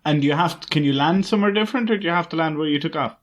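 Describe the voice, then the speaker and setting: A man co-hosting a casual podcast, playful and quick with jokes. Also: fairly high pitch. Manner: playful, jokey, quick retorts. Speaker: podcast co-host. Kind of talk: casual chat.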